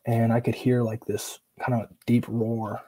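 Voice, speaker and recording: Husky, flat-voiced man telling his story. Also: mid-range voice, measured pace, poor audio. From Oregon, USA. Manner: casual, filler-heavy, acts out quoted dialogue; earnest and emotional. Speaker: podcast guest. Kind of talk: personal storytelling in conversation.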